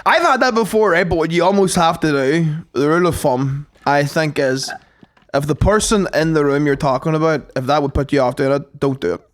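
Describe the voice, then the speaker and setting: A man's voice: on the high side, brisk. A Northern Irish man, a comedian co-hosting a podcast, telling rambling stories in casual chat and swearing freely. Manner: rambling anecdotes, heavy swearing.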